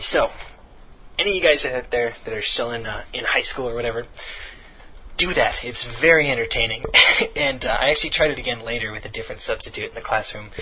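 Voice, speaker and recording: Bright-voiced teenage guy telling a rambling story. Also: mid-range voice, lo-fi sound, slight background noise. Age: late teens. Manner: rambling, laughing and swearing casually. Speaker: game commentator. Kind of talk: casual storytelling commentary.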